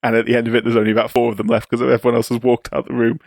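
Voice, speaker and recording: A man co-hosting a podcast, telling sports history in a relaxed, chatty way with asides. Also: medium pitch, very fast, gravelly, no echo, clean studio sound. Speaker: podcast co-host. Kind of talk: casual chat.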